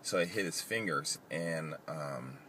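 A man with a very low voice tells a story in a loose, rambling way, stopping and restarting with plenty of fillers. Loud traffic and car noise run behind him outdoors. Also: animated. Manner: rambling, halting, lots of fillers. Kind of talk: casual storytelling.

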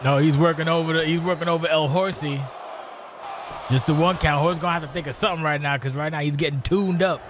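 A man's voice: on the high side, steady tone, quick pace, crowd noise, noisy background. A man doing color commentary on wrestling, rambling with sarcastic, mocking jokes. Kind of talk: joking wrestling game commentary.

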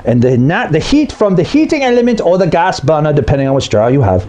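A man's voice: fairly high pitch, big pitch swings, fast talker, darkish tone. A man who repairs appliances, explaining a topic to camera in a blunt, conversational way. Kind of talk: explainer video.

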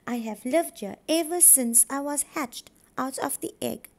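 Woman voicing a sad young male duck, storybook, soft and wistful, high and unhurried. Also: gravelly.

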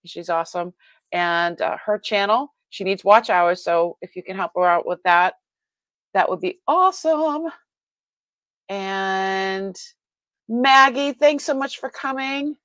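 A woman with a Boston accent runs a live online sale from home, greeting viewers one by one and laughing easily. Her voice sits a little high, and the sound is close and dry with almost no room echo. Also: fairly bright tone. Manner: chatty, greets viewers by name, laughs often. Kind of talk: casual live-stream chat.

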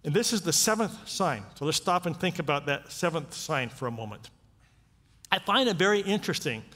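Preaching at a brisk clip, this pastor's fairly high voice rises and falls dramatically as he speaks in a lively, conversational way. Rhetorical questions keep checking in with listeners, and the church hall adds a long reverb to his sermon.

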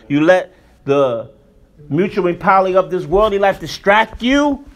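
A man giving a religious lesson in a loose, conversational way with emphatic bursts. His voice sits high for a man. It swings widely in pitch as he presses his points. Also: a little slow. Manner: animated, colloquial, emphatic preaching. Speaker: Islamic teacher.

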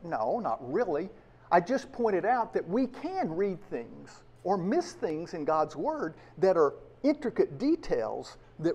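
With a slightly high, somewhat mellow voice, a US pastor addresses his congregation in a sermon. He delivers it emphatically, posing one rhetorical question after another.

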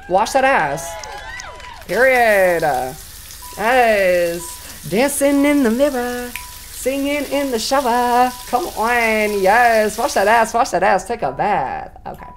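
Give me a profane, excitable woman streamer. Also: fairly high pitch. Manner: profane, excitable, talks to chat. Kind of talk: casual let's-play chatter.

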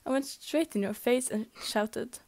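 A woman's voice: on the high side, measured pace, creaky, darkish tone. A young woman reading a fanfic aloud in a casual, amateur way, stumbling and restarting, sometimes slipping into a whisper. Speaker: fanfic reader.

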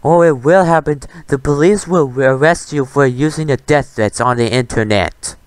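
A man's voice: on the high side, moderate pace, smooth, no echo. A man hosting a reaction commentary, talking back at a clip in a defiant, retorting rant. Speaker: commentary host.

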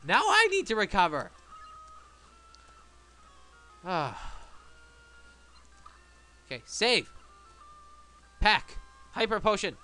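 A high, bright male voice that swings wildly up and down as he talks through a game. He is excitable, shouting and begging at the screen between casual asides, with faint game music playing behind him. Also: takes it slowly, long pauses. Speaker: let's play gamer.

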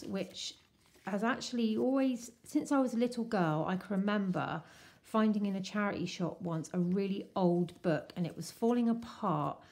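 A woman chatting casually and excitedly as she unwraps a craft swap parcel. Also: medium pitch. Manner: gushing, excitable, slow-paced. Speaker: crafting vlogger. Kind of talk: casual unboxing chat.

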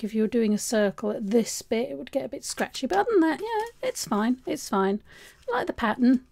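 A woman chatting casually through an art supply unboxing, rambling and restarting her sentences, her voice going a little hoarse. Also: sits high, warm tone. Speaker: art vlogger.

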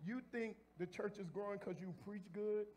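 A pastor preaching a sermon in a church. He talks straight to the congregation in a casual way and repeats phrases as he builds to shouts. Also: sits high, steady tone, moderate pace, dull audio. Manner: addresses the congregation directly and informally. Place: church sanctuary before a congregation.

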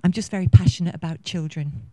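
Talking fast in a lowish, steady, warm voice, a woman in her fifties speaks at a conference venue with no echo. She's effusive and full of passion, rambling along with lots of filler words.

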